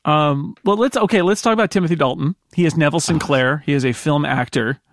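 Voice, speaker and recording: A man's voice: on the high side, fast, no room sound, studio quality. A man co-hosting a casual movie podcast, explaining things at length with enthusiasm. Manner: enthusiastic, long winding explanations. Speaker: podcast co-host.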